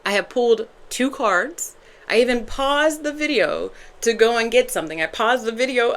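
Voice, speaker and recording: A woman's voice: a little high, lively intonation, brisk. A woman giving a casual, chatty tarot reading to her viewers, rambling with self-corrections and bursts of laughter. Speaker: tarot reader.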